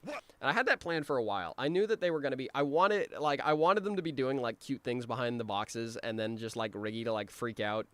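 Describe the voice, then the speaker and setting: A man giving casual creator commentary on his own cartoon, rambling with many ums and restarts, and now and then acting out his characters' lines in quick voices. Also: medium pitch, animated, fairly bright tone, slight background noise.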